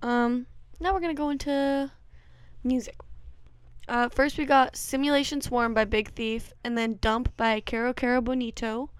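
A woman's voice: fairly high pitch, fairly even intonation, normal speed, clear, resonant tone, dry recording. A young woman co-hosting a podcast in casual, playful chat. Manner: playful, jokey, chatty. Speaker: podcast co-host.

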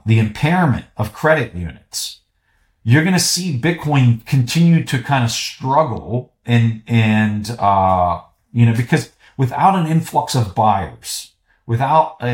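A man's voice: lowish voice, darkish tone, roomy sound. A man with a Southern US accent, a podcast guest in casual conversation, talking emphatically with a fired-up, teasing edge.

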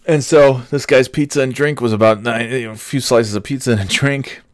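A man's voice: mid-range voice, a little fast, no echo, studio quality. A man hosting his podcast alone, rambling in a casual, profane, sardonic way with plenty of fillers. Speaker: podcast host. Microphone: headphones on, podcast microphone.

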